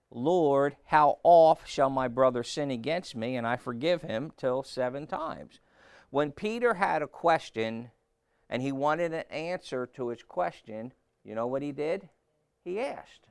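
A man's voice: medium pitch, gravelly, no echo, clean studio sound. A man preaching a sermon, reading scripture aloud and throwing questions back at the listeners.

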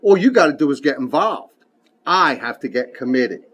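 A man's voice: medium pitch, very animated, moderate pace, a bit bright, slightly rough. A man voicing a worried male pig in a spoken joke, sounding nervous and incredulous. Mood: alarmed. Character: worried pig, male, squeaky when alarmed.

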